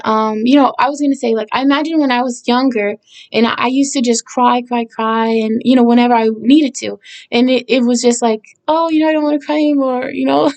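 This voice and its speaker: A woman songwriter explains the meaning of her song lyrics in a casual, rambling way, with many fillers and restarts. Her voice sits on the high side and is a little mellow.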